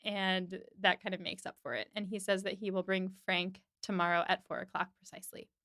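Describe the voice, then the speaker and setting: A woman's voice: medium pitch, fairly quick, dry recording, studio quality. A woman hosting a podcast, recapping an episode in casual chat and acting out the characters' lines. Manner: animated, acts out lines of dialogue.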